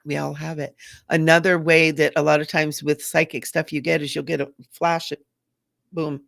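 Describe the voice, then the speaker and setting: Middle-aged woman chatting on a live stream, earnest, lots of restarts, bit of fry, dry close sound. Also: low voice, little pitch movement, moderate pace, a bit bright, dry recording. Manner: greets viewers in chat. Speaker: psychic medium hosting a live stream. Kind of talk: casual live-stream talk.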